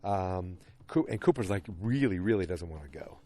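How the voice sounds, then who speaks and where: A man's voice: low-pitched, lively intonation, normal speed, mellow. A man hosting a podcast who recaps a TV episode in a rambling, chatty way with many fillers. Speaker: podcast host.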